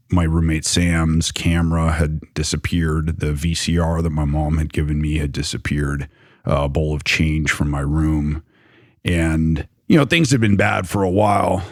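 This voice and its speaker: A man's voice: low voice, no room sound, clean studio sound. A young man recounting a personal story in loose, rambling conversation, full of fillers. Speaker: storyteller recounting his past.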